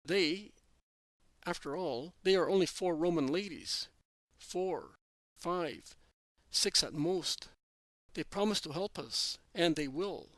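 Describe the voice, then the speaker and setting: A man's voice: fairly high pitch, lively intonation, slow pace, a bit bright, no echo, full character voice. A man voicing Judas, an anxious, resentful adult male apostle, speaking in a protesting, insistent way in a read-aloud story.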